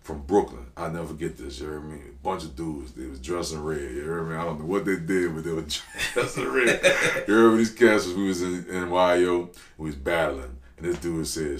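A very deep-voiced rapper from New Orleans speaks at a moderate pace as a podcast guest in a casual storytelling interview. Animated and slangy, he gets loud in bursts while telling stories, and the recording echoes roomily.

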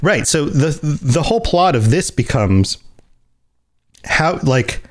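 Here the co-host's voice sits on the high side and swings widely in pitch as he talks slowly. It's casual podcast chat, rambling and full of restarts, with laughter as he plays out scenes.

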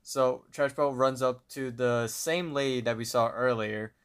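A man's voice: medium pitch, fairly even intonation, measured pace, clear, resonant tone. A man co-hosting a podcast, casually retelling a cartoon episode over a voice call, with fillers and the odd laugh. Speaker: podcast co-host. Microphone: online voice call.

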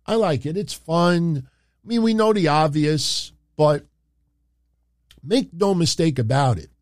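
A man's voice: fairly high pitch, expressive, a little slow, dry recording, clean studio sound. A man hosting a casual wrestling recap, chatting straight to his viewers with plenty of fillers. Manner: chatty, addresses the audience directly, many fillers. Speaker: wrestling show host.

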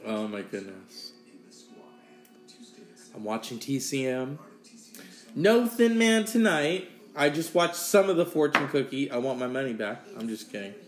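Slow-talking profane podcast man, sore throat. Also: medium pitch, sing-song, roomy sound, over music. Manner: rambling, profane, sighing between sips. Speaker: podcast host. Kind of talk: casual solo podcast rant.

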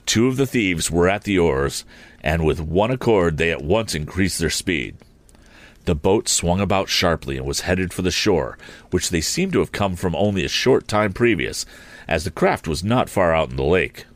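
A man narrating an old adventure novel aloud in a measured storytelling reading. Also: low-pitched, expressive, dry recording. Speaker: audiobook narrator. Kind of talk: scripted narration.

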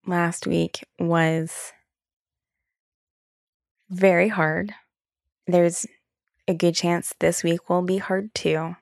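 Young woman podcasting solo, low voice, lots of vocal fry, rambly and sweary, very casual. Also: flat delivery, drawn-out words, pauses often, no room sound, clean studio sound. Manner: loose, candid, filler-heavy talk with frequent "like" and swearing. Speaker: podcast host.

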